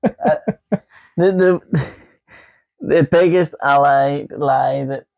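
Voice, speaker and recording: A man's voice: a little high, very slow, vocal fry, darkish tone. A man co-hosting a casual podcast, rambling and joking with lots of fillers. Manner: rambling, jokey, many fillers. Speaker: podcast co-host. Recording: dull lo-fi podcast audio.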